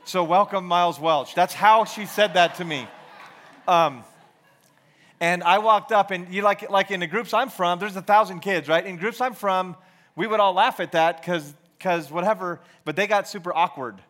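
A man in his forties, from Georgia, talks through a youth ministry sermon like a casual chat. His voice sits a bit high, and he rambles, restarts his sentences and pokes fun at himself. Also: moderate pace, fairly bright tone. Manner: rambling, self-deprecating, many fillers and restarts.

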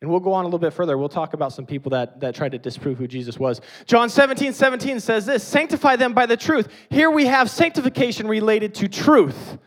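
A man preaching a sermon, emphatic, swinging between loud stressed phrases and quiet low passages. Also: lively intonation, fast, hardly any pauses.

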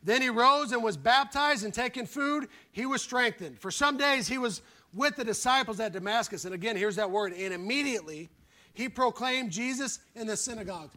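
A man's voice: very high-pitched, expressive, normal speed, sharp tone. A male pastor preaching a sermon, fervent and emphatic, calling out for an "Amen" and telling folksy, plain-spoken stories.

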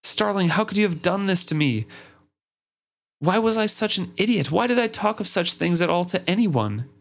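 A man's voice: high-pitched, lively intonation, moderate pace, gravelly, voice pushed up. A man reading aloud as a feverish, betrayed young man who cries out in desperation. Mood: desperate. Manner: pleading, crying out in raised voice.

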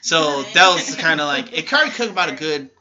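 A man's voice: fairly high pitch, brisk. A young man co-hosting a podcast, telling a story in a casual chat, acting out what people said and swearing freely. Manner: animated storyteller, acts out quotes, swears freely. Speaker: podcast co-host. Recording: lo-fi podcast recording.

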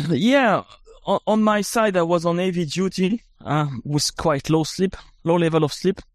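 A man's voice: high voice, a little slow, no echo. A man from an expedition team telling his side of events in a plain, matter-of-fact way. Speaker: expedition member. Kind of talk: conversation.

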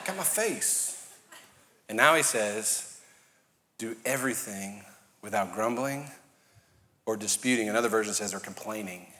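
A man's voice: on the low side, expressive, a little slow, pauses often. A man preaching a sermon to a congregation with a New Orleans Cajun accent, talking casually and joking with the crowd. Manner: conversational, joking, building to shouting. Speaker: pastor. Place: church auditorium. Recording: long hall reverb.

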